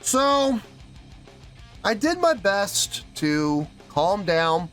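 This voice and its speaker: A man hosting a music reaction video, talking in a lively, mock-outraged way with drawn-out emphasis. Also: high-pitched. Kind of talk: casual reaction vlog.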